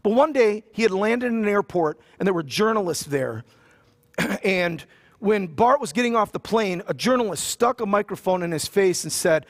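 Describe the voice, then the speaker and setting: A man's voice: high-pitched, lively intonation, normal speed. A pastor preaching a sermon. He reads scripture aloud and retells it in casual, joking everyday talk. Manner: casual and joking, with slang asides.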